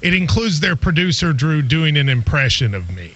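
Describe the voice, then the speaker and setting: A man hosting a casual sports radio show, animated and quick to laugh. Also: a little high, slightly rough, highs cut off.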